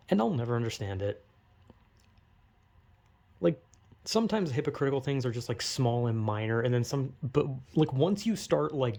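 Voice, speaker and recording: A man's voice: mid-range voice, warm tone. A man talking to camera in a rambling, casual rant, full of fillers, restarts and swearing. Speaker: video creator. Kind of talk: casual ranting monologue.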